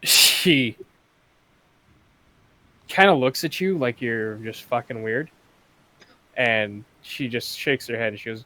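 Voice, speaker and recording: A man narrating a tabletop game as game master, in a relaxed, laid-back way. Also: medium pitch, slow pace, pauses often.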